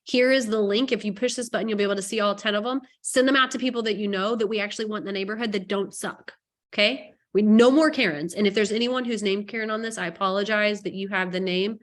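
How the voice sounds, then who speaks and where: A woman real estate coach giving a casual training presentation, chatty and joking as she rushes through her points. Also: medium pitch, fairly even intonation.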